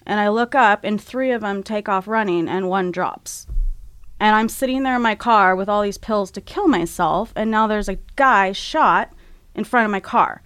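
Woman guest, candid storyteller, halting and tearful delivery. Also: medium pitch, fairly bright tone, smooth. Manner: frank, halting, emotional retelling.

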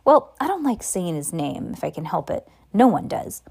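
A woman doing a gruff folksy giant groundskeeper. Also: on the low side, big pitch swings, moderate pace, darkish tone, heavily acted. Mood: worried. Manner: folksy dialect with dropped endings. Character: big gruff rustic male giant groundskeeper, kindly. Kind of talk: amateur audiobook reading.

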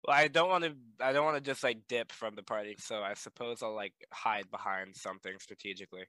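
Man player, quick joking reactions, sharp bright tone. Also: fairly low pitch. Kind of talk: playing a tabletop game.

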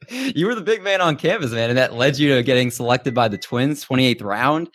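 A man's voice: medium pitch, animated, normal speed, fairly bright tone. A man hosting a casual sports podcast interview, upbeat, reading out stats and asking questions. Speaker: podcast host.

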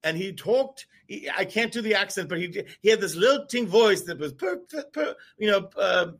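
A man co-hosting a live talk show, telling a long story in a rambling, animated way with many restarts. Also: high-pitched, normal speed, few pauses. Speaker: co-host. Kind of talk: casual storytelling chat. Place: before a live audience.

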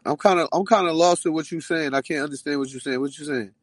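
A laid-back man on a livestream call from his car, talking in loose slang with lots of fillers. His voice sits a bit high for a man and sounds dry and close, with no room echo. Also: fast talker. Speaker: guest. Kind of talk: casual chat.

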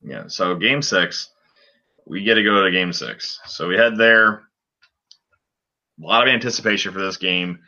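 A man with a very low voice talks through a hockey game on a casual podcast. He rambles, with many fillers and restarts. His tone is bright and forceful, and the recording sounds dull and lo-fi. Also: unhurried, pauses often. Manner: rambling play-by-play recap with frequent fillers. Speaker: podcast co-host. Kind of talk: casual sports podcast chat.

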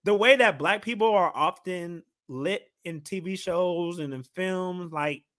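A man co-hosting a podcast, talking in a chatty, teasing, animated way. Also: sits high, a little slow. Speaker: podcast co-host. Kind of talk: casual podcast chat.

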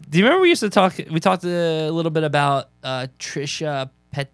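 A man co-hosting a podcast in casual chat, easygoing and quick to laugh. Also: on the high side, expressive, no room sound. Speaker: podcast co-host.

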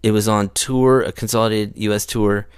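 A laid-back man in a casual conversation, rambling through his stories with slangy asides. His voice sits fairly low, and the sound is dry and close, with no room around it. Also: steady tone, normal speed, clean tone, no room sound. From California. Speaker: skate photographer guest. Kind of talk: casual chat.

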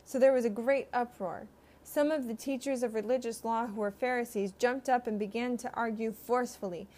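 A woman giving a measured, earnest scripted Bible reading. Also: a little high, steady tone, warm tone. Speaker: scripture reader.

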